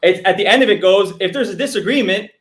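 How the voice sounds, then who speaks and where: High-pitched guy on a call-in show, fired up and arguing hard, keeps restarting. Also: a bit bright. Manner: argumentative, fired up, rapid restarts. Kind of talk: heated live call-in debate.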